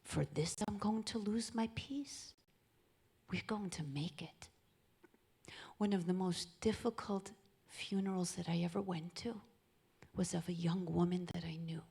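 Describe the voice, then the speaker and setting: Woman speaker, slow and husky, leans into hushed near-whispers for emphasis. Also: on the low side. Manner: soft, dropping often into an intimate near-whisper. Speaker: speaker at a charity event. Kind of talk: inspirational talk on marriage.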